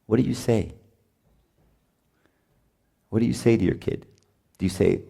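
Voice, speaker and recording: A middle-aged man preaching at a retreat in an animated way, acting out voices of parents and children as he teaches. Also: on the low side, measured pace, creaky, slightly rough. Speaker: priest. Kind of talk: retreat sermon.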